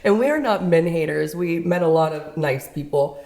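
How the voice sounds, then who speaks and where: Low-voiced woman telling stories. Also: moderate pace, creaky. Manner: animated, laughing, acts out quotes. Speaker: podcast co-host. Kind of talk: casual storytelling chat.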